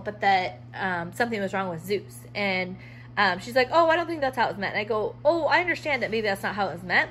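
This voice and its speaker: A woman's voice: medium pitch, a little hiss or hum, poor audio. A woman telling a casual storytime vlog about her dog, frustrated, acting out both sides of past conversations.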